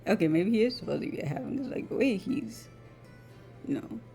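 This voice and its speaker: A woman's voice: medium pitch, sing-song, moderate pace, gravelly, mellow, husky, soft background music. A woman casually commenting on a game as she plays, reading its dialogue aloud and joking about her own accents. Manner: playful, self-mocking, laughs at own accents. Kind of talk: casual gameplay commentary with read-out character voices.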